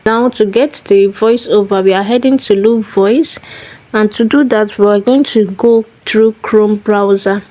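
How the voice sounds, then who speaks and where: A woman's voice: medium pitch, measured pace, warm tone, rough recording. A woman hosting a screen tutorial, walking through each step methodically and repeating key phrases as she goes. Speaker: tutorial host.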